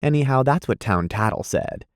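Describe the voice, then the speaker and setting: A man reading aloud, voicing a gossipy, excitable young woman in a high, breathless voice. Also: normal speed, smooth, dry recording, clean studio sound, close to an everyday voice. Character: gushing gossipy young woman, easily moved.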